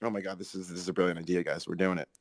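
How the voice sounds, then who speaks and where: Excitable, rambling man on a podcast. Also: low voice, racing, dry recording. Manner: excitable, rambling, swears freely. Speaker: podcast host. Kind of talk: casual chat.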